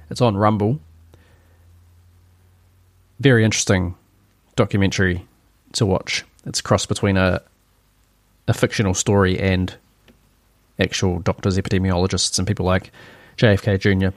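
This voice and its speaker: A man's voice: on the low side, steady tone, moderate pace, pauses often, no room sound, clean studio sound. Sarcastic New podcast man. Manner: sarcastic, opinionated, rambling. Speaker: podcast host. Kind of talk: solo opinion commentary.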